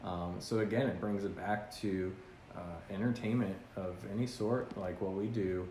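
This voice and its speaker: A man's voice: lowish voice, steady tone, normal speed, mellow. A man hosting a podcast in casual chat, earnest and reflective, with frequent ums and uhs. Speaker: podcast host. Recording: roomy sound with faint noise.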